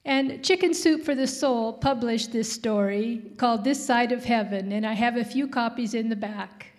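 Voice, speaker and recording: A woman's voice: on the high side, moderate pace. A woman wrapping up her talk at a live event and thanking the audience. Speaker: previous speaker.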